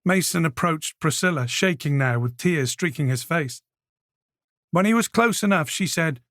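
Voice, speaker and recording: A man reading a crime thriller audiobook with measured, scripted narration. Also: fairly high pitch, expressive, fairly bright tone, no echo, studio quality. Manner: measured storytelling.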